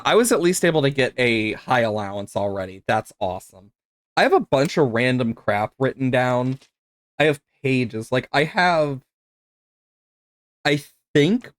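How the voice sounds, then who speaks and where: A man's voice: medium pitch, no room sound. A man streaming a puzzle game live, chatting to viewers, laughing often and swearing now and then. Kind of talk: live gameplay commentary.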